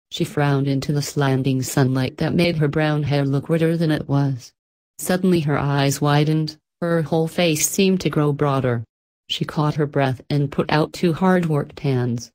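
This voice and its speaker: Low-voiced woman narrating an audiobook. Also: fairly even intonation, unhurried, a little mellow. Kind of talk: scripted narration.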